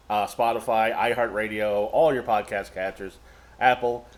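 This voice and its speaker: A man's voice: fairly low pitch, fairly even intonation, normal speed, a little mellow. A man hosting an interview podcast, easygoing and rambling, with many fillers. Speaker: podcast host.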